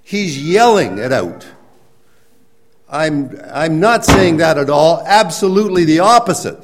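A man preaching a sermon, explaining scripture in a conversational way and rising to emphatic, near-shouted points. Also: on the high side, animated, a little slow, noisy background. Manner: conversational with restarts and everyday examples. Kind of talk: sermon teaching.

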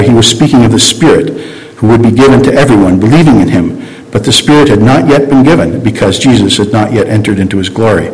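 A man leads a casual Bible lesson in an average-pitched voice. He talks loosely and conversationally, often stopping to correct himself and start over. The sound carries a long reverb, as if from a large hall. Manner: conversational, hesitant, many restarts and self-corrections. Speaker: Bible study teacher. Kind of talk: informal Bible teaching.

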